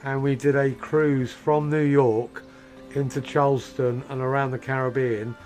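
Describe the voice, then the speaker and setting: A man's voice: mid-range voice, flat delivery, measured pace, darkish tone, faint music behind. Chatty Englishman playing a game. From England. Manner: chatty, storytelling. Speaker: streamer. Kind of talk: casual gaming chat.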